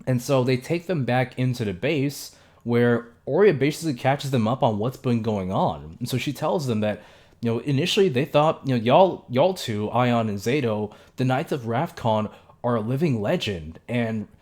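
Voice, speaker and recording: A young man talks through an episode recap in a loose, chatty way, stumbling and correcting himself as he goes. His voice sits at an ordinary middle pitch, and he slips into quick impressions of the characters. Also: lively intonation, darkish tone. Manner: chatty, many fillers and self-corrections; mimics characters' lines in quick asides. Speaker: show reviewer.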